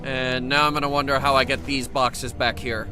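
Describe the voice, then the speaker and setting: A man's voice: medium pitch, little pitch movement, moderate pace, music in the background. A man streaming a strategy game, chatting casually, laughing and giving orders to his units as he plays. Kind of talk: casual let's-play commentary.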